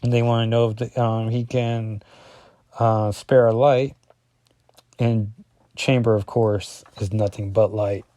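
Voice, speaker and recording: A man's voice: on the low side, flat delivery, unhurried, warm tone, dry recording. A man casually reviewing a comic book page by page, rambling and often correcting himself with lots of ums.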